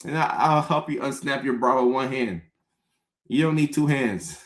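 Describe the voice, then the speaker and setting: Animated comedian man in a roomy space. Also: medium pitch, normal speed. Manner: animated storytelling with mock-pleading impressions. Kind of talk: comedic live-stream rant. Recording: roomy echo.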